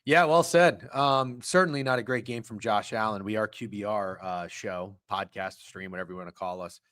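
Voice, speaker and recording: Animated, swearing man talking sports. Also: lowish voice, moderate pace. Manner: animated, swings from loud to muttered asides. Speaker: co-host of a sports betting stream. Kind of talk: casual profane sports chat.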